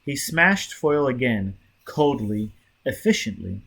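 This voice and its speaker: A man narrating an audiobook in a lively, dramatic reading. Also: mid-range voice, unhurried. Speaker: audiobook reader.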